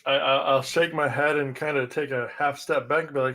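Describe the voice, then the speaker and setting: A man's voice: medium pitch, steady tone, brisk, sharp tone, rough recording. A man playing a tabletop game, describing his character's actions plainly and sometimes swearing. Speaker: player. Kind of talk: casual tabletop role-play.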